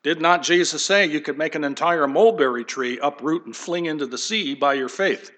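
Man, pastor, sermon, slightly high voice, bright and forceful, animated, folksy asides. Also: moderate pace. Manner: animated, acts out quoted voices.

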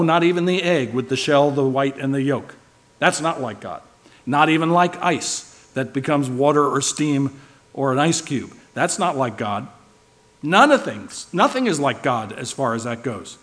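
A man preaching a sermon with emphatic stress, now and then asking the listeners questions. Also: fairly high pitch. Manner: emphatic, shifting loud and soft for stress; asks the listeners rhetorical questions.

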